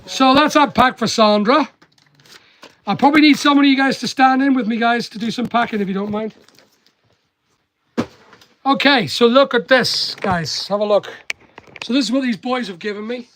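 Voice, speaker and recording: An online seller and channel host with a mixed Northern Irish and English accent live-streams casual chat while packing orders, teasing and joking with staff nearby in the packing workspace. His voice is extremely high and fairly bright, at normal speed with frequent pauses, over a little hiss or hum.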